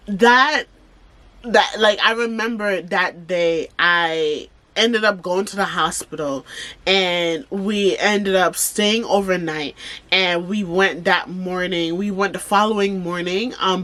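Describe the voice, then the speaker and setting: Bright-voiced woman telling a candid story. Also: mid-range voice, slow. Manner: emphatic and animated, addressing viewers directly. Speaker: vlogger. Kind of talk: candid personal storytelling to camera.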